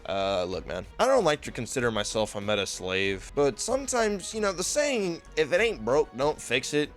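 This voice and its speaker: A man's voice: mid-range voice, fairly bright tone. A young man hosting a gaming video, talking in a hyped, jokey way full of gamer slang. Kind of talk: casual gaming commentary. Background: faint background music.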